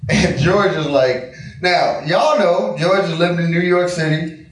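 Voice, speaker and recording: Brash high-voiced stand-up comic man. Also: a little slow. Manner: brash, profane, animated. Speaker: stand-up comedian. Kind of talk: stand-up storytelling. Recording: roomy venue, distant mic, ambient noise.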